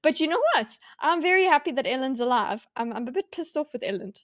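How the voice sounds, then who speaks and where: A woman co-hosting a casual book club, reacting in an expressive, exasperated way. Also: high-pitched, quick pace, no echo, clean studio sound. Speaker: co-host of a book club show.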